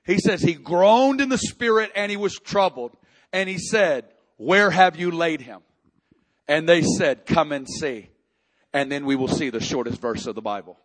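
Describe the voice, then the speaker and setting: Male pastor, high-pitched voice, impassioned sermon delivery that swells into shouts. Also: moderate pace. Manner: impassioned preaching, rising to shouts in emotional passages.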